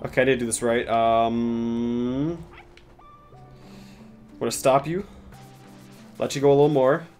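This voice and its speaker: A man's voice: mid-range voice, little pitch movement, takes it slowly, pauses often, a little mellow, soft background music. A young man giving casual gameplay commentary as a streamer, chatty and sarcastic, swearing often and slipping into mock-dramatic asides.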